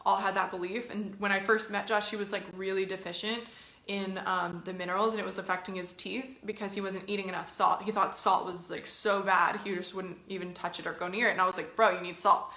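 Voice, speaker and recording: A woman coaching her listeners in a loose, chatty way, full of filler words and encouragement. Her voice is bright and clear. The recording carries a noticeable room echo. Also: medium pitch, flat delivery, fairly quick. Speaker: health and fitness coach. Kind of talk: casual coaching talk to camera.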